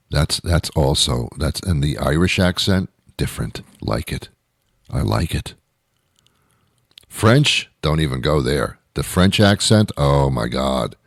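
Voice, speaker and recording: A man with a very low voice rambles through a comic monologue in a deadpan, mock-outraged way. The sound is dry and close, with no room sound. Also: breathy edge, no room sound. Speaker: show host. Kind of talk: comedic monologue.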